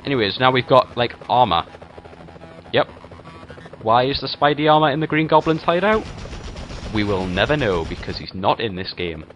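A man's voice: medium pitch, lively intonation, normal speed, long pauses, a bit bright. A young man giving casual, rambling commentary over a video game walkthrough, often correcting himself mid-sentence. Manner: chatty, rambling, self-correcting. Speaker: gameplay commentator. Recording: game music behind voice. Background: game music and gunfire sounds.

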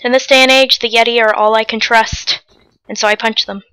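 A woman hosting a game video in casual chat, loud, often yelping and shouting in panic. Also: a little high, steady tone, brisk, smooth, dry recording. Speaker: gamer host.

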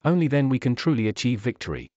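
A man voicing a calm, seasoned orc warrior who speaks sagely. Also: mid-range voice, fast talker, dry recording, lo-fi sound. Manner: calm, sage.

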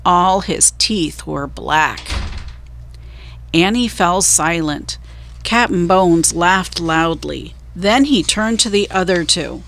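Slow, deliberate woman reading a storybook. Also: fairly low pitch, fairly bright tone. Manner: slow, clear, deliberate read-aloud. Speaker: children's storyteller. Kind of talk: reading a children's book aloud.

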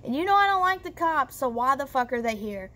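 A woman's voice: high voice, sing-song, fairly quick, pushed and bright, exaggerated voice. A woman quoting her heated father, cursing as she retells his words. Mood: angry. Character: angry swearing father, adult man.

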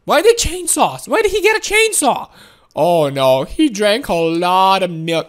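A woman giving excited let's-play commentary, giggly and excitable with frequent laughs and exclamations. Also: mid-range voice, measured pace. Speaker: gameplay commentator.

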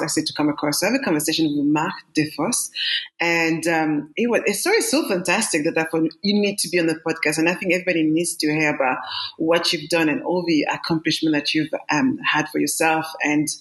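A woman's voice: sits low, fairly quick. A woman in her forties with a French accent, hosting a casual podcast interview with an upbeat, enthusiastic manner. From France. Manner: enthusiastic, upbeat, laughs often. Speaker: podcast host.

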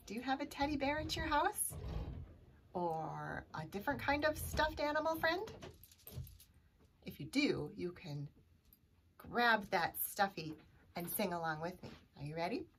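A woman reading a picture book aloud for a children's storytime, gentle and sing-song. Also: mid-range voice, very animated, measured pace, long pauses, distant mic, slight background noise.

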